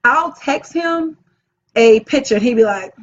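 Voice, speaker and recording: Female event planner, upbeat motivational coach, raised pitch, slightly muffled lo-fi recording. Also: animated, a little slow, a little hiss or hum. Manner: enthusiastic, talks with her hands. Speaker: event planner and channel host. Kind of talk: motivational teaching talk to camera.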